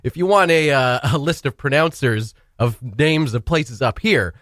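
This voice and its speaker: A man's voice: medium pitch, normal speed, a bit bright, no room sound, clean studio sound. A man co-hosting a radio show, laughing easily and arguing good-naturedly. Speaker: radio co-host. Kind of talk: casual radio banter. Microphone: studio microphone.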